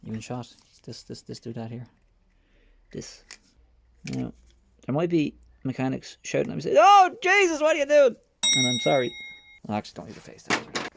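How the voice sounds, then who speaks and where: A motorcycle restoration vlogger works on a bike in his home workshop, muttering wry, self-mocking commentary into a close mic while his hands are busy. His medium-pitched voice moves at a moderate pace with vocal fry and long pauses, over a noisy background.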